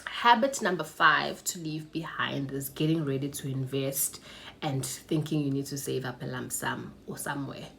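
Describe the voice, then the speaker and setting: A woman's voice: extremely low pitch, moderate pace, vocal fry, fairly bright tone, a little hiss or hum. A young woman with a South African accent talking about money habits in a casual vlog, chatty and laughing often, slipping in Zulu words. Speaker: personal finance vlogger. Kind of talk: casual vlog talk to camera. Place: her mother's house.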